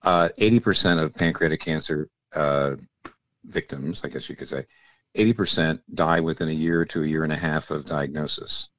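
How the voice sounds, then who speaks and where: Older guy, really deep voice, explaining theology slowly on a radio show, dry close sound. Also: a bit bright, dry recording. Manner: thoughtful, explanatory, with many restarts. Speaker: guest pastor and author.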